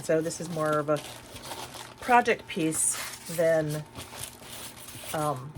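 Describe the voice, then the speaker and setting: A woman's voice: on the low side, background noise. A middle-aged woman chatting casually at home as a haul vlogger, rambling with many restarts and fillers. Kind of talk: casual chat. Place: a room at home.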